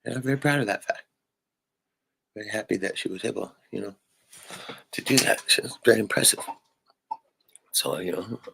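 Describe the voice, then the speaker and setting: A man's voice: on the low side, vocal fry, a bit bright, slightly rough. A man on a live stream venting in a rambling way, swearing often and tagging "right?" onto his sentences. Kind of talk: casual venting monologue.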